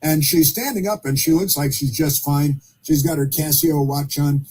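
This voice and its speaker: A man hosting opinionated talk radio, speaking haltingly with many fillers and restarts and dropping sarcastic asides. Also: a little high, steady tone, darkish tone, husky.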